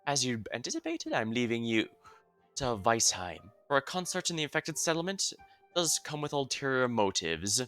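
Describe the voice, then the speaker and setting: A man voicing a haughty, composed noblewoman patron who speaks formally and with measured courtesy, reading a game's story aloud. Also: medium pitch, wildly swooping pitch, fairly bright tone, faint music behind. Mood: scheming.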